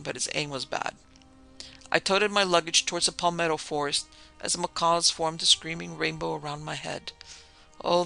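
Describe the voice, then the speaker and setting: A man's voice: a little high, vocal fry, pushed and bright. A man narrating a pulp horror story in the first person, with dramatic storytelling.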